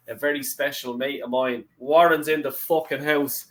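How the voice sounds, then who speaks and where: A man's voice: a little high, steady tone, moderate pace. A man hosting a fan reaction stream, swearing and exasperated over his team's loss. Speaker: fan channel host. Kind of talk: angry football fan reaction.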